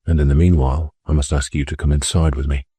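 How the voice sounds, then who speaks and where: A man reading an audiobook, voicing a gentle, polite male revolutionary who speaks low and quietly with a foreign accent. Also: flat delivery, fast, slightly rough, no room sound, studio quality, full character voice. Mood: quiet, firm. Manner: low, quiet, soft-spoken.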